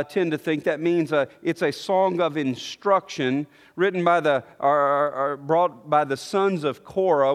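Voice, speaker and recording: A man preaching a sermon, earnest and teaching, often restarting his phrases. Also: a little high. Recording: long hall reverb.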